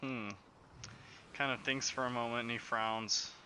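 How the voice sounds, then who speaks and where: Man running a tabletop game, bright tense voice. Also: medium pitch, a little slow, a little hiss or hum. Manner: relaxed, filler-heavy narration. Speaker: game master.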